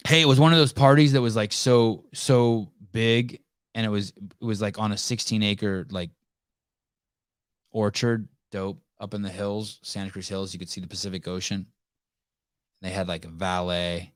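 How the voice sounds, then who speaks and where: A deep-voiced man hosts a live call-in podcast in loose, casual chat. He rambles, swears freely and restarts his sentences often. The sound is close and dry, with no room around it. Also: fairly even intonation, normal speed, smooth, no room sound. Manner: rambling, profane, many restarts and fillers. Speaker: podcast host.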